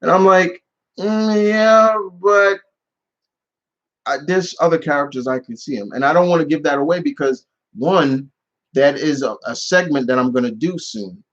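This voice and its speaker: A man's voice: a little high, brisk, fairly bright tone, highs cut off. A man casually answering viewer questions on his channel, rambling with many restarts and fillers. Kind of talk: casual live Q&A chat.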